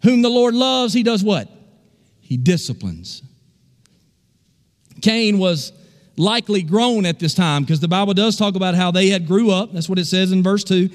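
A man's voice: high-pitched, big-room sound. A male pastor preaching a sermon in a church, emphatic and asking the congregation questions. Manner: emphatic, call-and-response questions.

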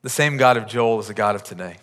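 On the low side and a bit bright, a pastor's voice moves at a quick pace through a sermon. He sounds earnest and pleading, often repeating words while building a point. The large church auditorium gives long hall reverb from the sanctuary.

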